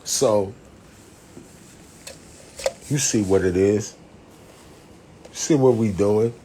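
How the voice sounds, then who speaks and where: A man's voice: lowish voice, drawn-out words, mellow, a little hiss or hum. Rambling, profane man streaming. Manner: rambling, profane, laughs often. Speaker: livestream host. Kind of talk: casual livestream rant.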